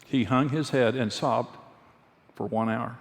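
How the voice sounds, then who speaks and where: A man's voice: mid-range voice, unhurried, creaky. A middle-aged man preaching a sermon, telling personal stories candidly and earnestly, often repeating a phrase for emphasis. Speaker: pastor and marriage teacher. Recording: long hall reverb.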